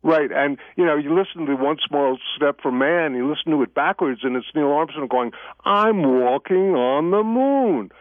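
A man's voice: a little high, fairly even intonation, fairly quick, hardly any pauses, no room sound. A man who is the guest on a radio talk show, telling stories in a chatty way and laughing easily. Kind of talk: casual radio interview. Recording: tinny phone line, dry.

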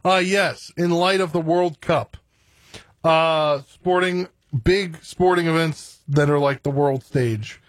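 A male co-host on sports radio gives his takes in a relaxed, offhand manner. His voice sits a bit high for a man, and the studio sound is dry. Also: slow, dry recording. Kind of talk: casual sports talk.

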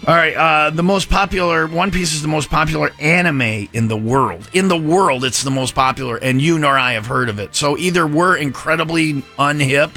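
A man's voice: fairly high pitch, moderate pace, hardly any pauses, pushed and bright, soft background music. A middle-aged man hosting a morning radio show in casual chat, jokey and rambling as he riffs on the news. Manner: jokey, rambling, self-mocking.

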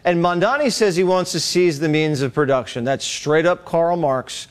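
A male host with a somewhat high voice talks politics bluntly. He leans hard on his points. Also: moderate pace, clean tone. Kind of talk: casual political banter.

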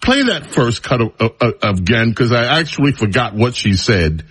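A man's voice: mid-range voice, moderate pace, husky. A male radio talk show host giving an opinionated, mocking monologue. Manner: mocking, drawling, animated.

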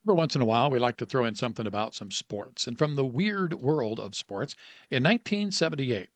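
A man's voice: medium pitch, expressive, a little fast, no echo. A man in his sixties, co-hosting a radio show and reading odd sports stories in a dry, chuckling way. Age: 60s.

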